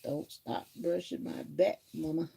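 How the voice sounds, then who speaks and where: A woman's voice: low-pitched, fairly even intonation, a little slow, vocal fry, mellow, slight background noise, full character voice. A woman voicing her pampered female pet dog, whiny and bossy about being groomed. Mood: pleading.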